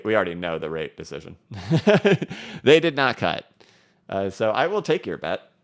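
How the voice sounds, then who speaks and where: A man's voice: deep voice, creaky. A male crypto livestream host chatting loosely with many fillers while reading out viewer comments.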